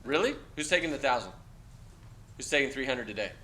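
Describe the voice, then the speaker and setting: A man's voice: medium pitch, animated, a little fast, sharp tone. A middle-aged man giving a casual classroom lecture, talking to students in a blunt, conversational way and tagging lines with "okay?". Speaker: university lecturer.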